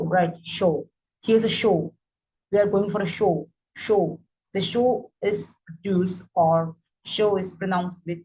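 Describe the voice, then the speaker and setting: A woman teaching English vowel sounds in a fairly low voice. She repeats each example word and keeps checking in with "right?". A faint hum sits behind her. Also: rough recording. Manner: code-switches between English and Hindi, repeats example words, asks "right?" often. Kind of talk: phonetics lesson.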